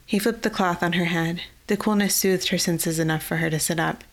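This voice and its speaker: A woman narrating a fantasy novel in a measured, even storytelling way. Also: lowish voice. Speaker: audiobook narrator.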